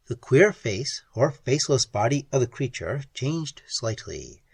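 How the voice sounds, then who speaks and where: Slow, breathy, dramatic audiobook narrator. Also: no echo. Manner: lively, dramatic storytelling, swinging widely in pitch.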